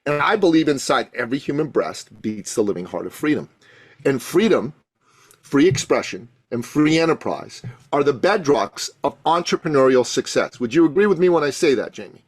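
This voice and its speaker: A man guesting on a podcast as a coach, telling a story with passion and building to loud emphatic peaks. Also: medium pitch, animated, moderate pace, slightly rough, dry recording. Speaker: guest, coach and thought leader.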